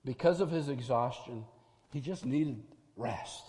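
A man's voice: mid-range voice, a little slow, mellow, big-room sound. A man preaching a sermon as pastor, earnest and emphatic, building his points through repeated parallel phrases.

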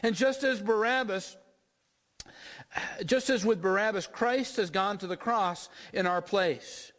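A man's voice: high voice, measured pace, a bit bright, long reverb tail. A man preaching a sermon, retelling a scripture scene in vivid second-person storytelling with repeated build-ups.

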